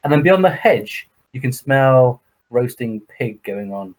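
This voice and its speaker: A man's voice: mid-range voice, lively intonation, a little slow, a little mellow, rough recording. An English man co-hosting a podcast, telling a long sweary story in casual chat and acting out the other people in it. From England. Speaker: podcast co-host.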